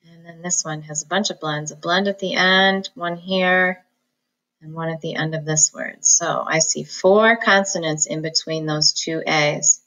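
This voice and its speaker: A woman's voice: low-pitched, steady tone, measured pace, sharp tone, low-quality recording. A woman teaching a phonics lesson, patiently sounding out words syllable by syllable. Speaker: reading teacher.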